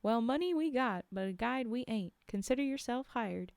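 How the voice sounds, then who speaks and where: A woman's voice: a little high, lively intonation, moderate pace, creaky, no room sound. Woman putting on a brash Alabama tourist hunter. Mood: eager. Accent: attempted Alabama drawl. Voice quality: loud, folksy, ungrammatical. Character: brash American tourist hunter man, eager.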